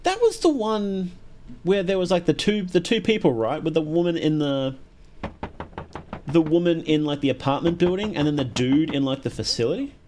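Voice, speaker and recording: A man's voice: a little high, fairly quick, a little mellow, slight background noise. An Australian man streaming a horror game live, chatty and reactive, asking questions aloud as he plays. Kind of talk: live gameplay commentary.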